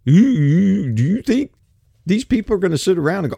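Blunt man ranting solo, swooping higher voice, dry close sound. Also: big pitch swings, moderate pace, creaky, darkish tone, husky, dry recording. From United States. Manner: blunt, ranting, profane, with rambling asides. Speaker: commentator. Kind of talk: solo opinion monologue.

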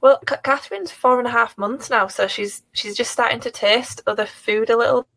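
A woman's voice: fairly high pitch, steady tone, brisk, creaky, fairly bright tone, no room sound. A woman co-hosting a stream, chatting casually and giggling. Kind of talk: casual chat.

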